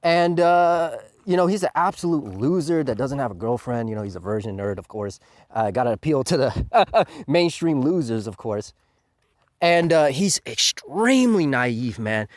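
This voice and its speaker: A scornful manga reviewer rants in a loose, profane, casual way, dropping "man" constantly. The voice swings widely in pitch, and the recording is dry and close, with no room sound. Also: sing-song, normal speed, no room sound.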